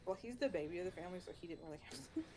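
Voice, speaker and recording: Woman, lowish voice, rambling and hesitant, casual stream chat, noisy line. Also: lively intonation, rapid-fire. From rural area. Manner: rambling, hesitant, full of fillers. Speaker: livestream host.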